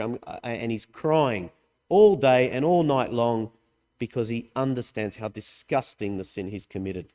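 A man preaching a sermon, earnest and emphatic, swinging between raised, urgent lines and quiet, low asides. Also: lively intonation, a little slow. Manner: earnest, emphatic, with sudden swings in pitch and loudness. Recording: hall reverb.

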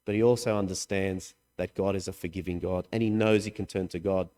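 Earnest preacher in a reverberant hall. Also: male voice, steady tone, brisk. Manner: earnest, emphatic, with sudden swings in pitch and loudness. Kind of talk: sermon.

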